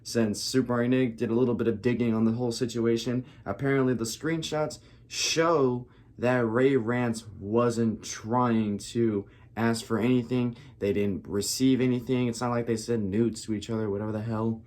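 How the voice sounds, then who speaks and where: A man's voice: medium pitch, steady tone, normal speed, hardly any pauses, a little mellow. Casual male reaction host. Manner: loose and profane, recapping to viewers.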